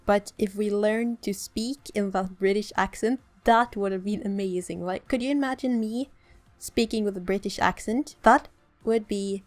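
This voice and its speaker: A woman's voice: medium pitch, normal speed, a little mellow. A young woman with a Swedish accent, chatting casually as she walks through a build in a game. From Sweden. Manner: chatty, self-deprecating, explains as she builds. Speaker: let's play host. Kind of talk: casual gameplay commentary.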